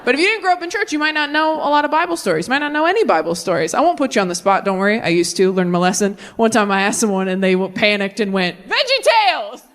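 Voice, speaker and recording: A woman's voice: mid-range voice, very fast, hardly any pauses. A woman in her thirties performing a stand-up set with a punchy, wry delivery, often jumping into character voices. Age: 30s. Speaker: stand-up comedian.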